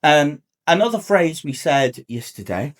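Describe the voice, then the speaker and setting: A man's voice: on the high side, sing-song, a little slow. A middle-aged man co-hosting a podcast in casual banter, joking and playing with words. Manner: playful, jokey, wordplay-loving. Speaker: podcast co-host.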